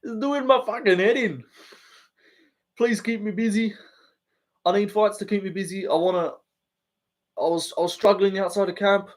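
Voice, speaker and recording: A weary Australian fighter, as a young Aussie man tries the voice grumbles in a strained, half-whispered way. The voice sits higher than usual and sounds far from the mic. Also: normal speed, pauses often, close to an everyday voice. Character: gruff Australian male fighter grumbling about camp.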